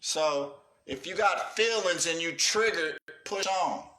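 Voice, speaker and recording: A man's voice: a little high, slow, sharp tone, reverberant. A man ranting on a livestream with profane urgency, calling out cowards and praising his viewers. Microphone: livestream setup.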